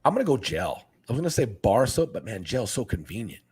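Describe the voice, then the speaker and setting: A man's voice: big pitch swings, quick pace, darkish tone, husky. A man talking casually as a guest on a podcast, laid-back and often saying "man". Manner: laid-back, says "man" a lot, acts out quotes with a jump in pitch. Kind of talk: casual chat.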